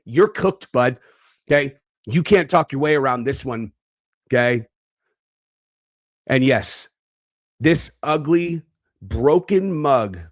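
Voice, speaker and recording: A man's voice: a little high, no echo. Brash male online commentator, crude and cocky, dry close sound. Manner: brash, profane, boastful; talks in bursts with frequent fillers. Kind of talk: casual reaction commentary.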